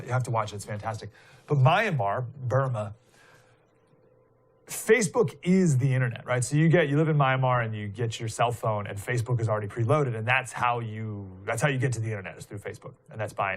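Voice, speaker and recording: A man with a mid-range voice gives live political commentary at a fast clip, rambling casually. He's indignant and emphatic, filling his talk with fillers and rhetorical questions.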